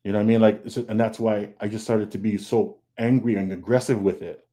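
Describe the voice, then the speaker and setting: A man with a somewhat low, warm and mellow voice speaks candidly on a video call panel. He talks earnestly, circling back on his words and acting out his own past thoughts in quotes. The tone is that of an open, confessional conversation. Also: little pitch movement, brisk. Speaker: comic artist guest.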